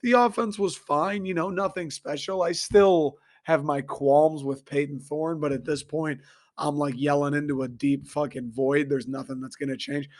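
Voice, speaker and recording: A young man from Michigan, hoarse and a little raspy, ranting profanely and excitably as he hosts a casual sports talk show. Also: fairly high pitch, moderate pace. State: hoarse after a concert. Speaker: sports podcast host.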